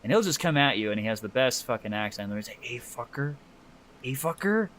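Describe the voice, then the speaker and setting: A man's voice: lowish voice, lively intonation, racing, a bit bright, slight background noise. Profane, laid-back male podcast co-host. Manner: loose and profane, laughing often; talks while drawing. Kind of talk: casual chat.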